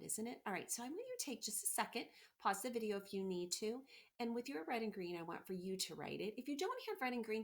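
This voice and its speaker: A woman teacher giving a remote phonics lesson to children, patient and encouraging, slowly sounding out letters. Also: mid-range voice, gravelly, fairly bright tone. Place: home, by a window.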